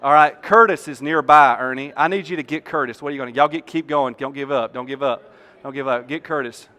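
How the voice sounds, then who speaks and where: Speaking a little fast in a mid-range voice, a male pastor gives a sermon on a church stage, animatedly telling the story and joking with his congregation.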